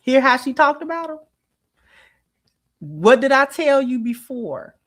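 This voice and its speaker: A woman's voice: sits high, big pitch swings, a little slow, a bit bright. A woman hosting a livestream, reacting to a clip and talking to her chat with emphatic rhetorical questions. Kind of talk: casual commentary to live chat.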